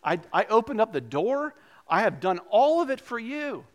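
A preacher giving voice to a pleading savior. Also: male voice, high-pitched, very animated, moderate pace, voice pushed up. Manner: earnest, pleading.

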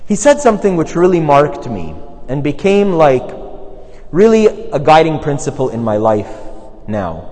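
A man, a priest, giving a relaxed, chatty sermon full of stories and asides. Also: fairly high pitch, normal speed, in a large hall. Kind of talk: conversational sermon storytelling.

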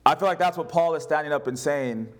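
Higher-voiced preacher in a sermon. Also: male voice, fast. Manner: preaching, quotes scripture, asks the congregation questions. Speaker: pastor.

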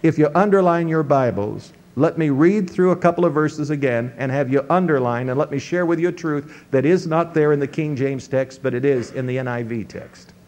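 A high-voiced man preaches from the pulpit. He teaches through scripture verse by verse, his pitch sweeping up in emphasis and dropping low again. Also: moderate pace, few pauses, darkish tone. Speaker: pastor. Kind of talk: sermon.

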